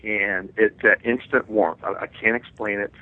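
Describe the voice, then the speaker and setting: A man, the guest author, earnestly telling a personal testimony in an interview, pausing and restarting as he goes. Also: lowish voice, fairly even intonation, no room sound. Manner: earnest, reflective storytelling with frequent restarts. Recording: phone-like line.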